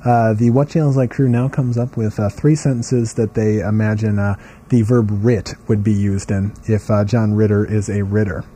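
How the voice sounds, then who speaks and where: A man's voice: fairly low pitch, flat delivery, moderate pace, dark tone, a little hiss or hum. A man hosting a casual talk show, introducing segments with many hesitant "uh"s. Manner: hesitant, heavy on "uh", leads segments. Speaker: podcast host. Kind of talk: casual banter.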